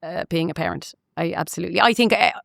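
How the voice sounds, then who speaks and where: Irish woman, middle-aged chef guest, chatty, on the lower side for a woman. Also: creaky, fairly bright tone, no room sound, studio quality. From Ireland. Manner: chatty, laughs easily, quick asides. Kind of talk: casual interview chat.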